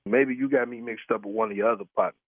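A man's voice: fairly low pitch, fairly even intonation, fast talker, dry recording. A man taking a prank phone call, heated and swearing with incredulous laughs. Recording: tinny dry phone line.

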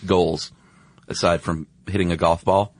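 A man's voice: deep voice, level tone, measured pace, no room sound, studio quality. A man co-hosting a casual podcast chat, enthusiastic and explaining things step by step. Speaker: podcast co-host.

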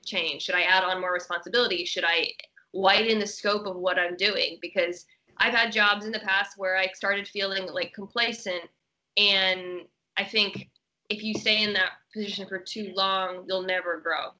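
A woman talks openly as an interview guest, filling her sentences with casual fillers as she works through her thoughts. Her voice is very bright and sharp, sitting at a mid pitch. She keeps the delivery loose and conversational. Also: fairly even intonation, normal speed, low-quality recording. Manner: chatty, candid, peppers speech with fillers.

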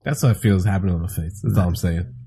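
A man hosting a casual podcast chat, joking and swearing as he tells animated stories. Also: sits low, fast, creaky, slightly rough. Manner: profane, joking, animated storytelling.

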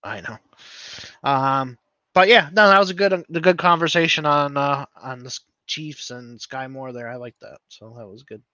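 Man, podcast co-host. Bright, loose casual chat, muffled lo-fi recording. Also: medium pitch, normal speed, dry recording. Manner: rambling, thinks aloud with fillers. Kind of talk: casual fantasy football chat.

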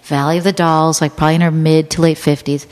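Rambling woman telling animated anecdotes. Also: low voice, fast talker, in a large hall. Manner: rambling, animated anecdotes full of "like" and voiced impressions. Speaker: podcast guest, actress and improviser. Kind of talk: casual storytelling chat.

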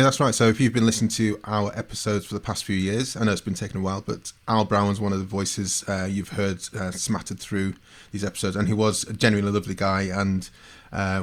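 A man's voice: fairly low pitch, flat delivery, fairly quick. A man co-hosting a podcast, cheerful and rambling in casual chat. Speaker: podcast co-host.

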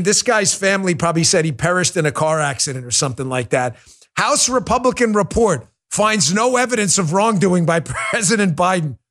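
A man's voice: high voice, fairly bright tone. A man hosting a political commentary show, ranting in a heated, mocking way and breaking into laughter. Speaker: podcast host.

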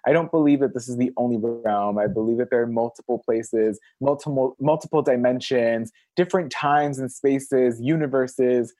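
A man guest on a podcast, chatting casually and telling stories with big acted-out quotes that jump high. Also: normal speed, hardly any pauses, dry recording. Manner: animated storyteller, acts out quotes in big high voices. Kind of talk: casual chat. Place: Los Angeles area.

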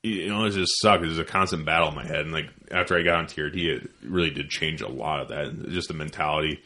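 A man's voice: very deep voice, quick pace, pushed and bright. A man talking bluntly and profanely in a casual podcast chat, self-deprecating and candid. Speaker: podcast host.

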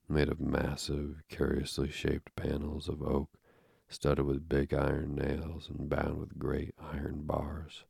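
A man narrating an audiobook in a measured, steady reading with a gravelly voice. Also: extremely low pitch, dry recording, clean studio sound.

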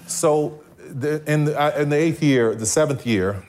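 A man's voice: a little high, moderate pace, a little mellow, slight background noise. A middle-aged man sharing a personal faith testimony in a conversation, telling his story vividly and acting out quoted dialogue. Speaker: guest.

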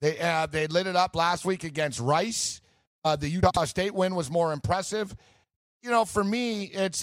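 A man's voice: high voice, fairly bright tone, no echo. A man hosting a sports betting show, joking and bantering in casual chat.

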